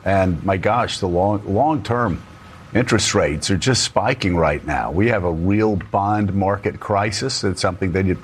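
A man's voice: lowish voice, a little hiss or hum. A male talk show host arguing politics with sarcastic emphasis.

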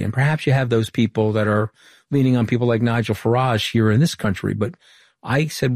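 A man's voice: mid-range voice, normal speed, darkish tone, no room sound, clean studio sound. A man from Long Island as an interview guest, a former communications director, telling candid anecdotes full of quoted dialogue. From Long Island, New York. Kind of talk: conversational interview storytelling.

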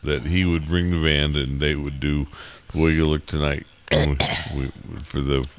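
A man's voice: extremely low pitch, flat delivery, normal speed, slight background noise. A middle-aged man hosting a morning radio show, stuffy and sniffling from a cold, rambling with many fillers. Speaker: radio host. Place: radio studio.

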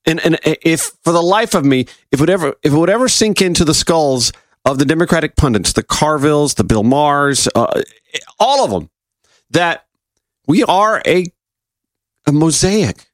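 A man's voice: a little high, animated, moderate pace, no room sound. A man speaking in a casual, opinionated political commentary monologue, firing off rhetorical questions.

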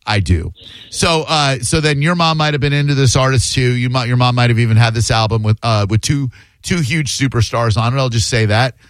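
A man's voice: medium pitch, steady tone, brisk, no room sound. A man in his fifties hosting a call-in radio show, teasing and joking with callers and rambling through restarts. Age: 50s. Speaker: radio host. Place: radio studio. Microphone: close studio microphone.

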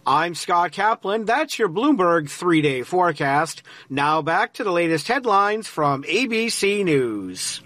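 A man reading a three-day weather forecast on the radio in a steady, conversational way. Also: high voice, a little slow, hardly any pauses, dry recording.

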